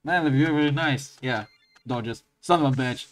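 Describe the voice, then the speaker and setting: Man swearing through game commentary. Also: unhurried. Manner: crude, swears a lot, breaks into high laughing outbursts. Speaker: let's play gamer.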